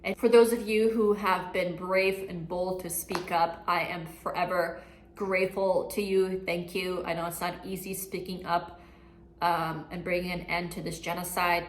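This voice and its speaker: A woman's voice: lowish voice, a little hiss or hum. A young woman giving a personal year-recap monologue, candid, outspoken and emotional. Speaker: vlogger. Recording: echoey room with music underneath.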